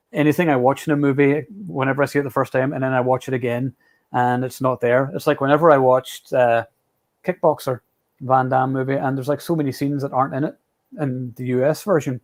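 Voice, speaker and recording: Rambling Scottish man hosting. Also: mid-range voice. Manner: rambling, with many restarts and fillers. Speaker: podcast host. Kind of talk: casual chat.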